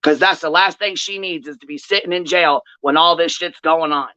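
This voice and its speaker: A woman's voice: low voice, normal speed, sharp tone, dry recording. A woman hosting a livestream commentary, ranting in a heated, profane way. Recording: dull, dry lo-fi stream audio.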